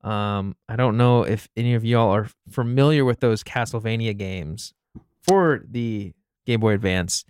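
A man's voice: fairly low pitch, unhurried, a little mellow, smooth, dry recording, studio quality. A young man co-hosting a casual gaming podcast, reading news in a chatty way with many fillers and restarts.

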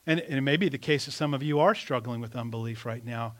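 A man preaching a sermon in an animated, conversational way, asking the congregation rhetorical questions. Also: medium pitch, quick pace. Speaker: pastor.

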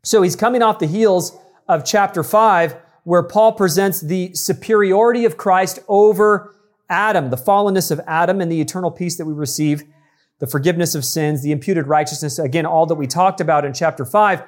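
A man with a high-pitched voice preaching an expository sermon. He teaches with emphasis, repeating key points and speaking straight to the congregation. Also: moderate pace. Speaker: pastor.

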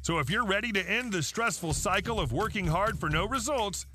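A man with a high, bright voice reads a podcast intro like an announcer. His pitch swings widely as he punches the lines. Music plays softly underneath. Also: lively intonation, brisk. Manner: bright, punchy promo delivery. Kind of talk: scripted announcer read.

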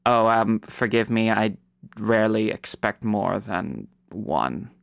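Man playing a weary hag-armed being, sighing and hesitant, smooth dry voice. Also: on the low side, slow pace, dry recording. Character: weary male being with extra hag arms.

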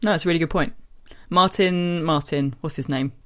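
A woman co-hosting a podcast, telling stories in a giggly, animated way. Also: low voice, normal speed. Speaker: podcast co-host reading listener questions. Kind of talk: casual podcast chat.

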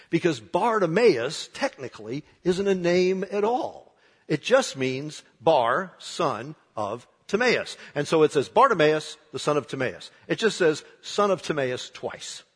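A pastor delivers a sermon, his husky voice ringing through a large, reverberant hall. He speaks slowly but with a lively, high-reaching pitch. He drops to a near hush, then builds to loud, dramatic emphasis. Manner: dramatic, swings from hushed to shouting.

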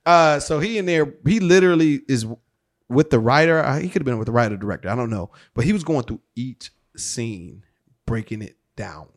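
A man, an actor, telling a story in casual, slangy talk, animated and swearing freely. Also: mid-range voice, brisk. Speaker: actor guest.

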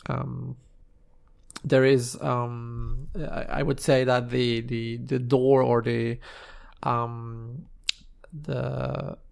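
A man narrating a tabletop game scene as game master, halting and searching for words with many restarts. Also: mid-range voice, vocal fry, darkish tone.

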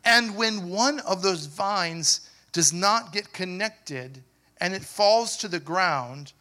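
A man preaching a sermon as pastor, asking the congregation questions and building to loud, emphatic passages. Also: high-pitched, expressive, takes it slowly.

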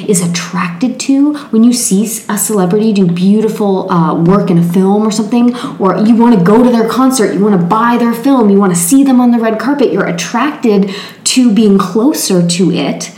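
A woman's voice: mid-range voice, moderate pace, darkish tone. A woman co-hosting a casual spiritual chat, speaking in a reflective, self-help teaching tone. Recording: echoey room with faint noise.

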